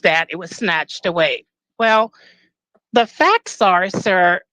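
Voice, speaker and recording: A woman co-hosting an online debate, combative and quick to cut in. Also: mid-range voice, a bit bright, dry recording, poor audio. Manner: combative, interrupts and talks over others. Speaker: co-host. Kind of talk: online audio-room debate.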